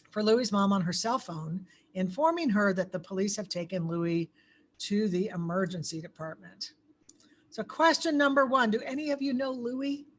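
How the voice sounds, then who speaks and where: A woman giving a conversational crisis-training lecture, pausing often on ums and putting questions to her audience. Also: mid-range voice, a little hiss or hum. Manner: asks the audience questions, many filler ums.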